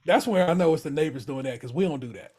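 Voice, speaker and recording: A podcast co-host recapping a TV show in loose, profane slang. The voice sits at a middling pitch but swings animatedly up and down through each retelling. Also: expressive, quick pace, a little mellow, breathy edge. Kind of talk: casual chat recapping a TV show.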